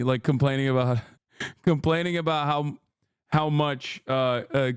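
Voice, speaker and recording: A man's voice: medium pitch, darkish tone, clean tone, no echo, studio quality. A man in his thirties streaming casual reaction commentary, blunt and profane, mocking and reading chat messages aloud.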